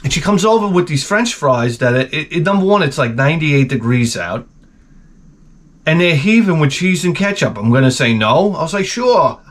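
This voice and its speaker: A man in his forties hosts his channel, going off on a profane, rambling comedic rant. His voice sits a bit higher than most men's, and he keeps cursing and circling back as the story wanders. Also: expressive, normal speed. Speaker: channel host.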